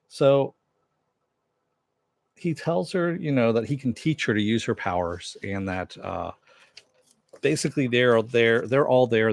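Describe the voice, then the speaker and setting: Blunt low-voiced man recapping TV. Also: no room sound. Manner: blunt, rambling, frequent restarts and fillers. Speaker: show host. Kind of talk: casual TV recap and review, answering live chat. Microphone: wearing headphones.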